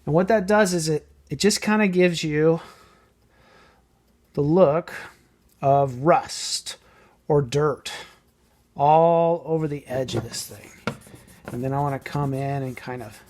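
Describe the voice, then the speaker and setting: Relaxed man talking through a painting job. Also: a little high, slow, pauses often. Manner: relaxed, thinking aloud while working, trailing off softly. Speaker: model painting tutor. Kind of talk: casual hands-on painting tutorial.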